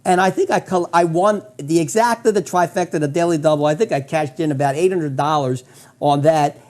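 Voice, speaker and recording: Excited guy, kinda high voice but mellow, stumbles over his words. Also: a little fast. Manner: enthusiastic, stammering restarts. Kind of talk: storytelling in conversation.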